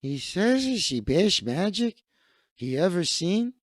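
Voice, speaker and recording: A man's voice: high voice, sing-song, takes it slowly, no room sound, full character voice. A man voicing an insistent, hospitable Mexican party host in his fifties, with a put-on Mexican Spanish accent and broken English. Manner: pushy, generous, broken English.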